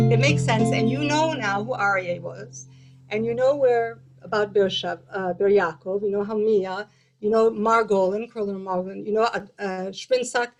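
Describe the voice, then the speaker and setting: High-voiced woman cantor teaching a song. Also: rough recording. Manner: chatty, explains with fillers and restarts. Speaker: cantor and guest host. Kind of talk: casual teaching over a video call. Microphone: video call.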